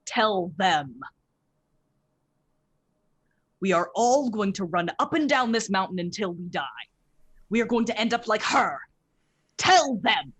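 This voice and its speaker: A game master voicing a worn-out male traveller who shouts in despairing protest. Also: medium pitch, expressive, moderate pace, slightly rough, pitched above the performer's own voice. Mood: desperate. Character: exhausted man at the end of his rope.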